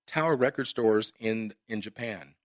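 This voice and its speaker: A man's voice: on the low side, moderate pace, no echo. A man hosting a podcast, ranting with passion and swearing in a casual interview chat. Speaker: podcast host.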